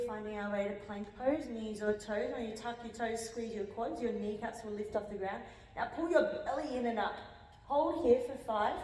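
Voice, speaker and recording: A woman's voice: on the high side, recorded from a distance. Breathless yoga teacher woman, echoey hall. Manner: calm cueing with counted holds, breathy while moving. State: a little out of breath. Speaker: yoga instructor. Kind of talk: guided yoga class cues.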